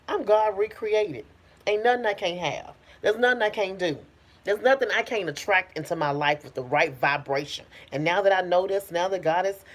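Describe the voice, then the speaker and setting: Preachy, emphatic woman with low voice. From United States. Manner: preachy, emphatic, animated exclamations; colloquial, laughs often. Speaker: spiritual healer and sexologist. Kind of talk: casual motivational talk to camera.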